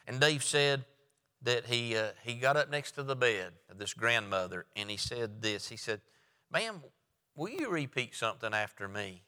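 A man's voice: medium pitch, lively intonation, normal speed, bright, forceful tone, clear, resonant tone, long reverb tail. A man preaching a sermon, telling a story with quoted dialogue and then driving home his point.

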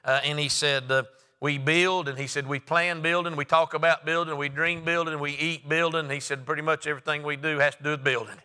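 A man preaching a sermon, telling folksy stories and rising to loud, emphatic lines. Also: on the high side, fairly even intonation, brisk, smooth, long reverb tail.

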